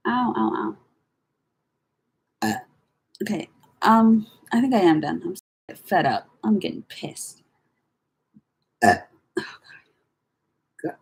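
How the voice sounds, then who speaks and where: A young woman chatting casually to camera as she sorts through her files, rambling and swearing with slangy, animated talk. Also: medium pitch, takes it slowly, vocal fry, pauses often, husky, low-quality recording. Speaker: vlogger.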